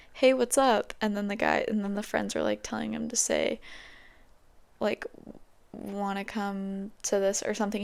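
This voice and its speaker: A woman hosts her podcast in a casual, rambling way, often losing her train of thought and laughing at herself. Her voice is smooth and clear, and the sound is dry and close. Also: medium pitch, a bit bright, no room sound. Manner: giggly, self-mocking, scatterbrained. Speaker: podcast host.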